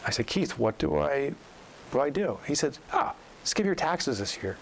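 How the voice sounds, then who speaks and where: A man telling his life story as an interview guest, animated and acting out the voices of people in it. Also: a little high, normal speed, creaky, a little hiss or hum, rough recording. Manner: animated storyteller acting out quotes, rising sharply when incredulous. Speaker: guest, author and business coach.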